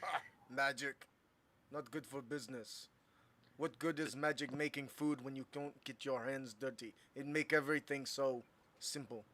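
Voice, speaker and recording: A man's voice: mid-range voice, fairly even intonation, normal speed, pushed and bright, close to an everyday voice. A man voicing a half-orc chef who speaks in blunt, broken sentences. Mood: gruff.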